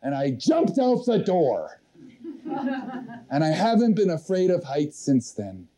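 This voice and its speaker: A man's voice: on the high side, very animated, a little slow, dark tone, a little hiss or hum. A man leading a motivational seminar, telling a personal story in an earnest way and speaking directly to a live audience. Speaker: seminar leader.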